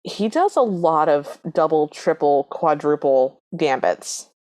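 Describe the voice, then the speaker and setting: Lower-voiced woman on a podcast reading off her notes, dry and wry, recapping a movie. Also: animated, takes it slowly, darkish tone. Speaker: podcast co-host. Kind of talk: casual chat retelling a movie plot.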